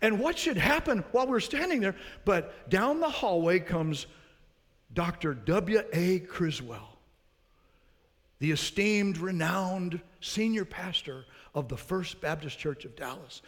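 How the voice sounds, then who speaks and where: A man's voice: high voice, animated, takes it slowly, in a large hall. A man preaching a sermon as pastor, earnest, putting rhetorical questions to his congregation.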